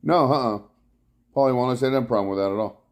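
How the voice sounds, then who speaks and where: A man's voice: medium pitch, fast talker. A man hosts a laid-back live stream from his couch at home. He greets viewers one by one and drifts from topic to topic in easy, rambling chat. His voice comes through a clip-on mic. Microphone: clip-on mic worn from bike riding.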